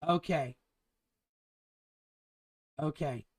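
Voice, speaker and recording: A man's voice: a little high, very slow, breathy edge. A man teaching an engineering drafting class in a casual, chatty lecture, enthusiastic and rambling with frequent restarts. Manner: enthusiastic and chatty, keeps calling things cool.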